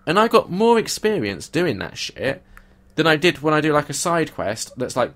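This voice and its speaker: A man's voice: a little high, big pitch swings, normal speed. A young man co-hosting a podcast, chatting casually and complaining animatedly, swearing freely. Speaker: podcast co-host. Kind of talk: casual chat.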